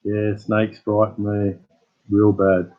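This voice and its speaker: A man's voice: on the low side, monotone, takes it slowly, muffled recording. An Australian man hosting his channel, chatting casually with live viewers as a rambling, laid-back storyteller. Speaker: channel host.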